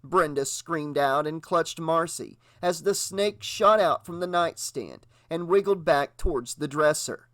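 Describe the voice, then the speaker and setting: A man narrating an audiobook with a dramatic, expressive reading. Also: a little high, a little slow, few pauses, no echo. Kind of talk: audiobook narration with character voices.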